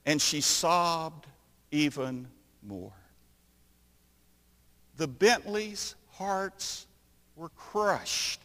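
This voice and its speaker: A man preaching a sermon, telling a story slowly with dramatic pauses between phrases. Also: on the high side, sing-song, pushed and bright, long reverb tail.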